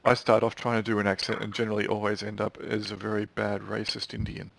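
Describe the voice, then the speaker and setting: A man's voice: on the low side, monotone, fast, vocal fry, dry recording, rough recording. A man running an online tabletop game as game master, giving dry, matter-of-fact rulings over a voice call.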